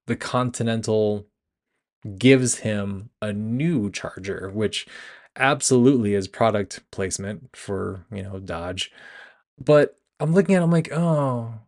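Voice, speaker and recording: A man's voice: mid-range voice, a little mellow. A young man hosting a casual film review podcast, retelling scenes with laughs, restarts and self-corrections. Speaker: podcast host. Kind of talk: casual movie review chat.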